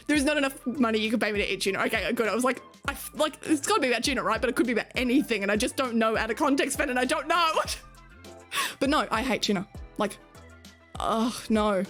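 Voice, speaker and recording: A fast, somewhat bright, higher-pitched woman's voice comes from an Australian streamer chatting with her audience over faint music. She goes through the chat casually, laughing a lot and dropping the occasional swear.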